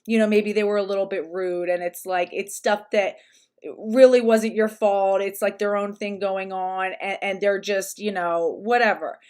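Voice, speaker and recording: A woman's voice: mid-range voice, fairly even intonation, moderate pace, darkish tone, smooth. Woman in a rambling, casual commentary. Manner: rambling, with many restarts and fillers.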